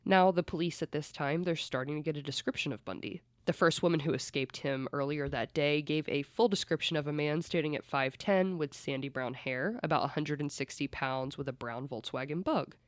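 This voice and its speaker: Podcast host, mid-pitched, chatty true-crime storyteller who swears freely; dry, close recording. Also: a little fast, few pauses, no echo.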